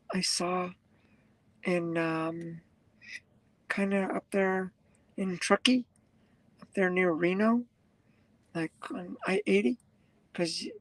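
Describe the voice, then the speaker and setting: Slow, gravelly truck driver chatting to viewers. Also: medium pitch, no echo, rough recording. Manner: rambling, chats with viewers and reads comments; laughs often. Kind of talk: casual live-stream chat.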